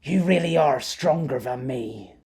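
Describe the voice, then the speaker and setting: A man voicing a fierce, bullying young man who speaks from inside the hero's head, snarling and yelling. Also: medium pitch, lively intonation, a little slow, slightly rough. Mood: drowsy.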